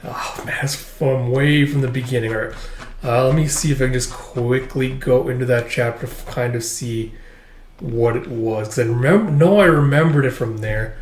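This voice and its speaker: A man's voice: mid-range voice, moderate pace, slight background noise. A man casually reading through and reacting to a manga chapter, chatty and enthusiastic, with lots of fillers. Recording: roomy echo.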